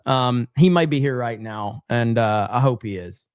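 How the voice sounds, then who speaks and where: A man's voice: medium pitch, steady tone, a little fast, hardly any pauses, clean tone, no room sound, studio quality. A man hosting a livestream, casually reading viewer comments aloud in a loose, profane, rambling way full of fillers. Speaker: livestream host.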